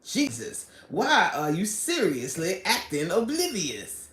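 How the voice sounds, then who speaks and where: A woman's voice: sits low, lively intonation, a little slow, slight background noise. Laughing woman streamer in an echoey room. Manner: laughs often, reads chat comments aloud. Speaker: live stream host reading chat. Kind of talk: casual live chat.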